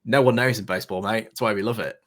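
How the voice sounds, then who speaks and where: A man's voice: lowish voice, quick pace. A man with a Northern English accent, chatting easily as a podcast guest. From England. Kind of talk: casual chat.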